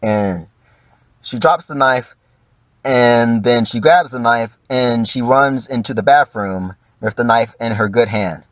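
A man's voice: mid-range voice, takes it slowly, dry recording. A man giving casual, profane livestream commentary, acting out quoted lines in mock voices.

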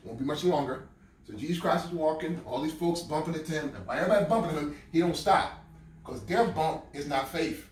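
High-pitched preacher guy, repeats stuff, shouts, echoey church, mic far away. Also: fairly quick, slight background noise. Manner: call-and-response preaching, repeats phrases, bursts into shouts. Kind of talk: sermon. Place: church sanctuary.

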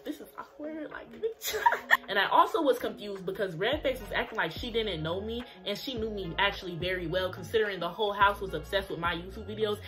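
A young woman telling a storytime on her vlog in a casual, slangy, profane way. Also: mid-range voice.

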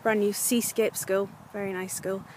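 A woman's voice: mid-range voice, level tone, moderate pace, a little mellow, a little hiss or hum. A young woman from North East England chatting casually to her camera while walking her dog along the coast, frustrated and full of fillers. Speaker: vlogger. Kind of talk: casual vlog narration.

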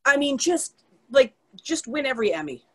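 A woman's voice: high voice, big pitch swings, normal speed. Chatty woman author, self-deprecating, rambling, video-call sound. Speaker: author guest. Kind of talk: casual chat on a virtual author event.

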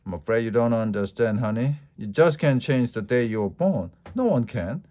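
A man reading the part of a patient, gentle mother talking to her little girl. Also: medium pitch, expressive, moderate pace, lo-fi sound, natural voice. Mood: soothing.

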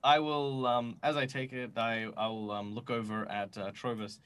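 A man plays a tabletop game, talking through his character's moves one step at a time. He often pauses with ums and restarts. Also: mid-range voice, little pitch movement, a bit bright, clear, resonant tone. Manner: hesitant, describes actions step by step. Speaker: player. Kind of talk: tabletop role-play.

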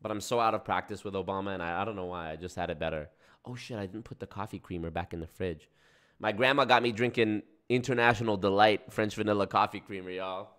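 A young man hosting a casual livestream, reacting to chat in a profane, animated way. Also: fairly low pitch, fast, clean tone. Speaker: livestream host.

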